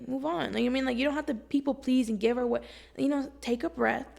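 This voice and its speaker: Blunt, slangy young woman with gravelly fry. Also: sits high, brisk. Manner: blunt, slangy, profane, animated. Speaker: vlogger. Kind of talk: casual self-help monologue to camera.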